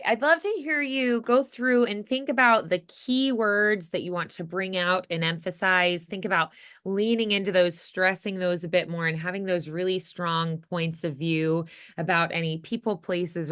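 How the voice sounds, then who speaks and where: A woman coaching a voice acting student with a bright, crisp voice that sits a little low. She talks in a chatty, casual way, full of "you know" and "like". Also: steady tone, moderate pace.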